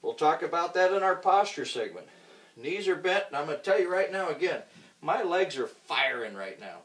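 A man's voice: fairly high pitch, sing-song, normal speed, fairly bright tone. Joking golf instructor man in an echoey room. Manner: casual and joking, acts out scenes while swinging. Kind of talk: instructional talk with demonstration. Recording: roomy sound from a distant mic.

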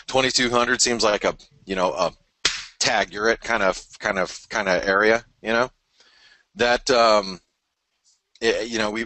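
A male host of a trading show analyzes market charts live, rambling loosely with lots of fillers and restarts while tired and yawning early in the day. The audio is poor and dry, carrying his fairly low-pitched, sharp voice.

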